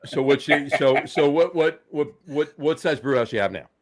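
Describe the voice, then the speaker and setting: A man's voice: fairly high pitch, crowd noise. A man hosting a beer podcast, asking questions in a loose, chatty way with many stumbling restarts. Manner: stumbling restarts, quick to laugh. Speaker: podcast host. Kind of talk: casual podcast interview.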